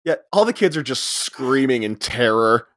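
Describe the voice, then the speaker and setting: A man's voice: medium pitch, expressive, a bit bright. A man co-hosting a podcast, casually retelling movie scenes and laughing as he goes. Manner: retells scenes with quick quoted voices, laughs often. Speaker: podcast co-host. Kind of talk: casual movie recap chat.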